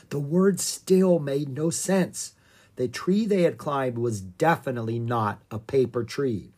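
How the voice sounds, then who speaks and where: A reader narrating a children's adventure book at an unhurried pace. The voice is soft and breathy, and the telling stays calm and even. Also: medium pitch. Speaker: audiobook reader.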